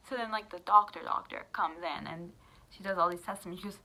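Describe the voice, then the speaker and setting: A young woman vlogging a casual storytime, her voice bright and mid-pitched. She talks in a loose, chatty way, full of fillers, and slips into the lines of the people in her story as she retells them. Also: fairly quick, low-quality recording. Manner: chatty, many fillers, acts out quoted dialogue.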